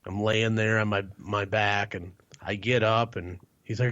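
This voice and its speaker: A man's voice: fairly low pitch, fairly even intonation, normal speed, hardly any pauses, fairly bright tone. A man co-hosting a podcast, telling a rambling, profane story and laughing mid-sentence. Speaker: podcast co-host. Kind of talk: casual storytelling chat. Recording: lo-fi muffled sound.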